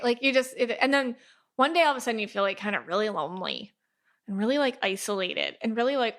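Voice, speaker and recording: A woman hosting a podcast, talking in a chatty, animated way and acting out little quoted voices. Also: fairly high pitch, fairly quick. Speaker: podcast host, aura reader. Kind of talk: casual podcast talk.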